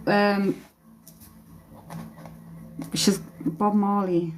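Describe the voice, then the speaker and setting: A woman's voice: mid-range voice, level tone, extremely slow, a little hiss or hum, low-quality recording. A woman working as a psychic medium, giving a live-stream reading in a hesitant way, repeating phrases and humming song lines, speaking into a phone.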